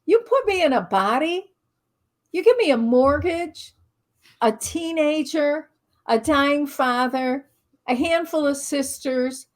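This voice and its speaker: A middle-aged woman, both spiritual teacher and author, speaks in a high-pitched voice at a slow pace. Guesting in an interview, she delivers a lively story poking fun at herself and dramatizes her thoughts.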